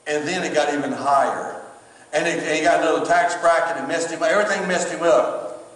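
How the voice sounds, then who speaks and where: A man's voice: fairly high pitch, brisk, a bit bright. A male pastor, preaching a sermon in a conversational storytelling way with emphatic repetition. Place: church sanctuary. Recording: echoey church hall, distant mic.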